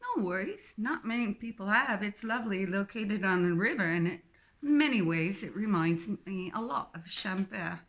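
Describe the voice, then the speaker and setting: A woman's voice: animated, moderate pace, lightly acted. A woman voicing a friendly, cheeky young English woman with an English accent, chatty and cheerful. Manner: chatty, cheerful, high and bright.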